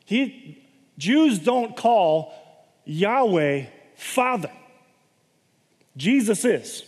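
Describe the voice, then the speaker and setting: A high-pitched man leads a conversational Bible teaching, reading passages and unpacking them in plain terms. He keeps checking in with his listeners as he explains. His voice rings out with a long reverb, as in a large hall. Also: big pitch swings, extremely slow, pauses often, a little mellow. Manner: explains scripture plainly, often checking in with "okay?".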